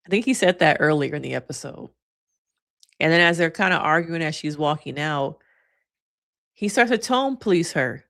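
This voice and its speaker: A woman who is a licensed therapist giving casual reaction commentary to her viewers, chatty and animated, often acting out what others said. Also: on the low side, brisk. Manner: chatty and animated, addresses viewers as y'all, acts out quotes.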